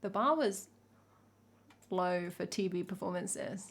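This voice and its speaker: A woman's voice: on the low side, takes it slowly, breathy edge. A young woman from England, a singer-songwriter, chatting casually and wryly on a live stream as she reacts to a music video. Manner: chatty, wry, jokey asides.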